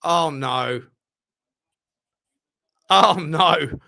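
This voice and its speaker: A man hosting a live football watchalong from his room at home, commenting on the match, swearing and yelling at the players. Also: fairly high pitch, extremely slow, gravelly. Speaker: football channel host.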